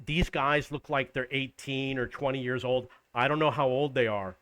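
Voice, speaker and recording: A man's voice: mid-range voice, steady tone, moderate pace, fairly bright tone, smooth, dry recording. Indignant man in his fifties, dry sound. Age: 50s. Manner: indignant, exasperated, quotes others in raised voice. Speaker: vlogger. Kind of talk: casual ranting monologue.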